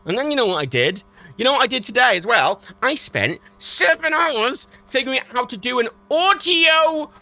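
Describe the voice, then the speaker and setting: A British man livestreaming a rant, his voice bright and swinging widely in pitch. He swears constantly and sounds exasperated. Faint music plays behind him. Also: moderate pace. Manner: exasperated, heavy swearing, animated. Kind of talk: ranting livestream chat.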